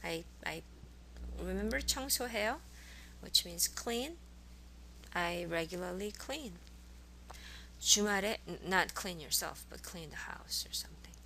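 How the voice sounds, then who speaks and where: Woman prof walking through grammar patiently, kinda crackly fry in her voice, bit of hum. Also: on the low side, moderate pace, long pauses, bright, forceful tone. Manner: explains patiently, models sentences, restarts words. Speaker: Korean language teacher. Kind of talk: recorded classroom lecture. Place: college course recording.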